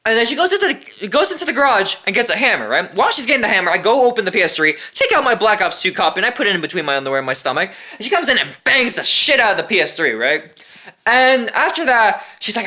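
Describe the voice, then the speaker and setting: Young male storyteller, casual and wry, bright tone. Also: sits high, fast. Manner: animated, profane, wry.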